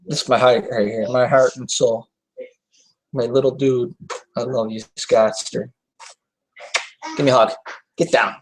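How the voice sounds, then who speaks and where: A man's voice: mid-range voice, fairly even intonation, normal speed, pauses often, a little hiss or hum, low-quality recording. A young adult man hosting a live online talk show, chatting casually and loosely with lots of fillers, self-corrections and casual swearing. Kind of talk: casual rambling chat.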